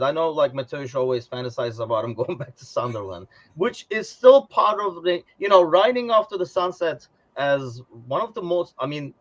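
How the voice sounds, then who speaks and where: A man rambling through a casual football chat on a podcast. He talks in an animated way and laughs now and then. The audio sounds a little dull and lo-fi. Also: fairly high pitch. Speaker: podcast co-host.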